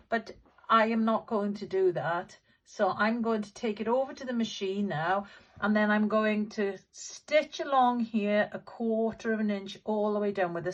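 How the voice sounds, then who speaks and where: A middle-aged woman giving a patient, step-by-step sewing demonstration as a quilting teacher. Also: medium pitch. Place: sewing room at a machine.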